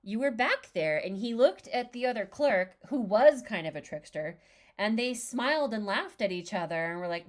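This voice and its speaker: A woman co-host chatting casually on a podcast, her voice sitting at a middle pitch. She tells her story with energy and acts out every line of dialogue along the way. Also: moderate pace. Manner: animated, acts out quoted dialogue.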